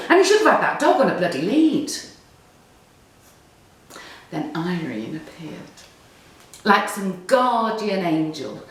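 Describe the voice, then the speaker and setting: A woman reads a story aloud with wry, chatty humour. Her pitch swings up and down, and she takes her time. The room has a heavy echo, and the mic sits far from her. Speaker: narrator. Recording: roomy echo, distant mic.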